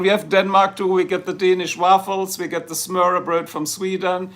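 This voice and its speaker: This livestream host, a man from Germany with a German accent, chats casually and jokily with viewers, rambling as he responds to their comments. He sits high in pitch, keeps his intonation fairly even and talks at a moderate pace with few pauses, vocal fry and a fairly bright tone.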